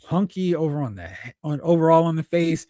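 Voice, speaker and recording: A man's voice: fairly high pitch, lively intonation, fairly quick, dark tone, dry recording. Man, live-stream host, casual chatter, thinks aloud, dry sound. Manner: chatty, thinks aloud, reads viewer comments.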